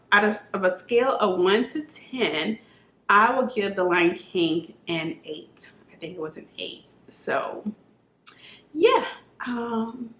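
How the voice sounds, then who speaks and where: A woman's voice: fairly low pitch, bright, forceful tone. A woman chatting casually on camera as she reviews a film, earnest and full of fillers, recorded on her camera at home. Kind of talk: casual movie review chat. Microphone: camera mic. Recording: roomy echoey room sound.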